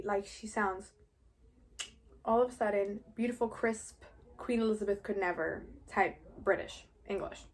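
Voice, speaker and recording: A woman's voice: mid-range voice, measured pace. A teenage girl vlogging while eating, chatty and casual, saying "like" constantly. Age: teens. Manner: chatty, heavy use of "like".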